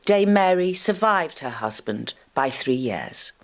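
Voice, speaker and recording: A woman narrating a local history documentary in a measured, storytelling way. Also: sits low, sing-song.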